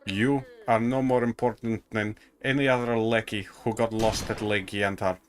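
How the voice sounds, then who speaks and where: A man's voice: lowish voice, steady tone, normal speed, soft background music, natural voice. A man putting on a very well-spoken British accent as a haughty soldier who talks down with clipped disdain. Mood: contemptuous. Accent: put-on posh British.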